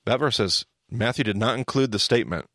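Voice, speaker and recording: A man's voice: medium pitch, brisk, no echo, clean studio sound. A man hosting a podcast, teaching in casual chat and acting out the lines he quotes. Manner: animated storyteller, acts out quoted lines.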